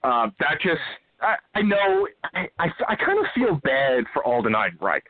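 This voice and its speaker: A man calling in to a show, chatting casually and joking, with halting restarts. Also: on the high side, sing-song. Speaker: caller. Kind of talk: casual call-in chat. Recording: tinny phone line.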